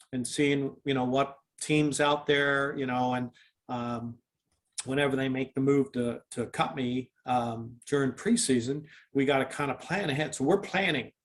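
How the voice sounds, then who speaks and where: A man from Canada, a former football player, telling a long story in an interview, with many fillers and restarts and acted-out dialogue. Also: mid-range voice. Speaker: former football kicker, guest.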